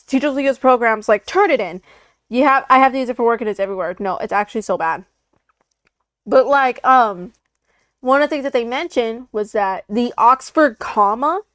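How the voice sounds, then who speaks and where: A young woman streams casually, her voice sitting high and bright in her range. She rambles in an animated, profane way, and the sound is dry and close with no room around it. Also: no echo. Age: young adult. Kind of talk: casual reaction chat.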